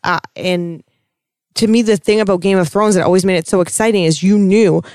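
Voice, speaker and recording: A woman co-hosting a casual TV recap chat, talking in an animated, gushing way with some swearing. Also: mid-range voice, brisk, no room sound, clean studio sound. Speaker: podcast co-host.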